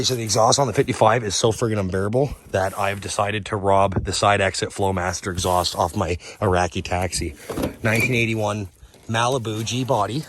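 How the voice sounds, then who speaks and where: A man's voice: lowish voice, background noise. Rowdy swearing man. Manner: swears a lot, rowdy joking banter. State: tired. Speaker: vlogger and mechanic. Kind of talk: casual vlog chat.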